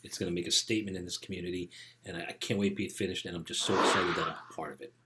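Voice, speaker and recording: A man's voice: deep voice, steady tone, very fast, very noisy, lightly acted. A man voicing a happy bricklayer who is eager about his work, speaking in a gushing way. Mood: delighted. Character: cheerful adult male bricklayer proud of his work.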